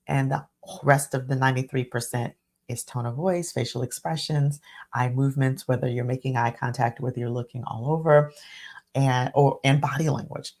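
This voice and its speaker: A woman's voice: extremely low pitch, vocal fry, a little mellow. A woman hosting a solo podcast, speaking in a reflective teaching tone and repeating phrases for emphasis. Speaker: podcast host and physician.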